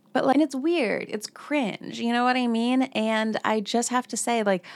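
Young woman, casual commentary vlog, animated rant, swearing, middle pitch, dry close recording. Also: no room sound. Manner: animated, ranting, swears, heavy use of "like". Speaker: commentary host.

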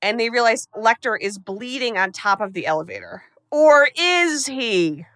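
A woman podcast host races through a film recap, swearing freely. Her voice is fairly high and very bright. It is recorded close and dry, with no room sound. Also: lively intonation, dry recording. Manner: rapid, profane, breathless storytelling.

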